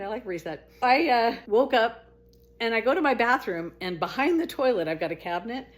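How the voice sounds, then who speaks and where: A middle-aged woman narrating her life story as a casual monologue. Her voice leaps up into sharp exclaimed quotes and sinks into quiet low asides. She laughs easily while she tells it. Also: fairly quick. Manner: animated, swings to high exclaimed quotes and drops to low murmurs.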